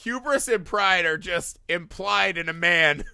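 A man's voice: sits high, a little slow, vocal fry, pushed and bright, no room sound, studio quality. A man co-hosting a casual film discussion, irreverent and profane, laughing often. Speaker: podcast co-host.

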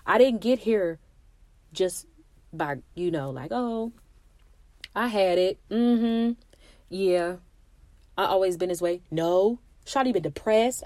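A woman's voice: on the low side, animated, takes it slowly, pauses often, a little mellow, no room sound. A young woman hosting her own podcast, talking candidly and emphatically straight to her listeners in a casual motivational monologue. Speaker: podcast host.

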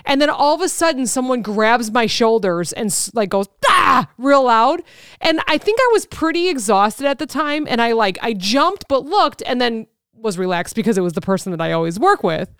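A woman's voice: a little high, very animated, a little fast, hardly any pauses, clear, resonant tone, dry recording, clean studio sound. A woman co-hosting a podcast, telling stories in a chatty, rambling way full of fillers. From Illinois, US. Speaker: podcast co-host. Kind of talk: casual chat.

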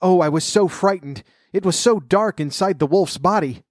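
A man voicing an innocent little girl in a red cap, gentle and wide-eyed. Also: medium pitch, big pitch swings, moderate pace, no echo, clean studio sound. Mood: frightened.

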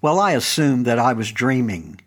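A man's voice: mid-range voice, big pitch swings, normal speed. A man hosting a show, narrating a first-person story in an earnest, conversational way. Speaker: storytelling host and historical reenactor.

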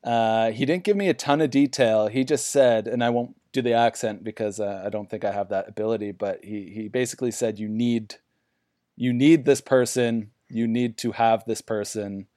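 A man's voice: medium pitch, moderate pace, dark tone, dry recording, studio quality. A man hosting a parody business podcast, rambling and hyped with lots of fillers. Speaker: host.

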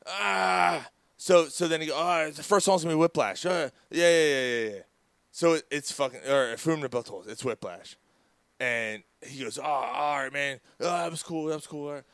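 A man's voice: on the high side, normal speed, gravelly, fairly bright tone, dry recording. A man co-hosting a casual sports talk show, telling a long story with lots of swearing and acting out the people he quotes. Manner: profane, rambling, acts out quoted dialogue. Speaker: podcast co-host. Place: studio.

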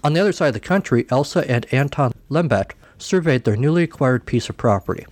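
A man reads a comic tale in a dry, deadpan delivery. His voice sits at an ordinary pitch and sounds close and dry, with no room around it. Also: fast, dry recording. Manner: dry deadpan storytelling, shifting pitch for characters. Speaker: podcast host reading a story. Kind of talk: scripted comic narration.

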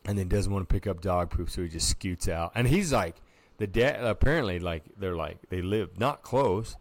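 Man, very low gravelly voice, casual podcast storytelling, animated, acts out quotes. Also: normal speed, dry recording. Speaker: podcast co-host.

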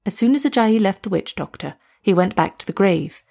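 A woman narrating a story aloud in a steady, measured way. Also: medium pitch, vocal fry.

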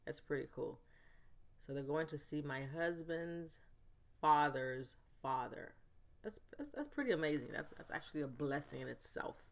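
A woman, hosting a casual solo podcast from home and telling stories with big, animated jumps in pitch. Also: normal speed. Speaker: podcast host.

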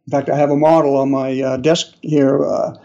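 A man's voice: medium pitch, level tone, moderate pace, vocal fry, warm tone. An older man with a New England accent, an author telling long stories as an interview guest, full of uhs and restarts. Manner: rambling, many uhs and restarts. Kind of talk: interview storytelling. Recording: dull lo-fi audio.

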